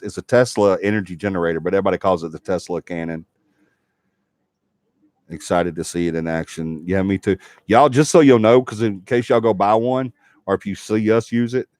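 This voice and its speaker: A very low-voiced man with a drawl hosts a casual livestream, folksy and chatty as he reads comments from viewers. The sound is dry and close, with no room around his voice. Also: a little mellow, no room sound. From Alabama. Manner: chatty, folksy, laughs often. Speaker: paranormal livestream host.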